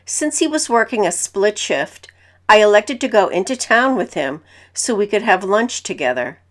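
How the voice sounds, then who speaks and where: A woman narrating reader-submitted stories in the first person, in an even, matter-of-fact way. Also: mid-range voice, normal speed.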